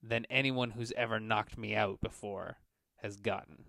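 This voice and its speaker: A blustering merchant crime boss in a tabletop game, as a man puts him on. He talks smooth and menacing, louder and a touch higher than the speaker's own voice, recorded dry and close. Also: fairly even intonation, normal speed, dry recording. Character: cocky male merchant crime boss, threatening.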